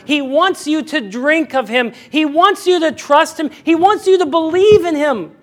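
A male pastor with a very high voice preaches a sermon, animated and emphatic, often repeating himself as he explains scripture.

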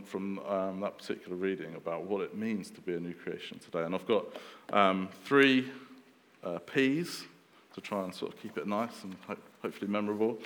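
Man preaching, very low voice, chatty with ums and restarts, long hall reverb. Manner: conversational, many fillers and restarts. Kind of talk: sermon.

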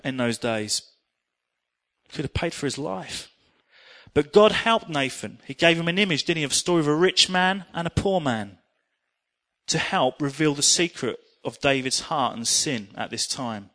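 Brief: middle-aged male preacher, slightly higher voice, animated and earnest storytelling from the pulpit. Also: normal speed. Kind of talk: sermon with personal testimony.

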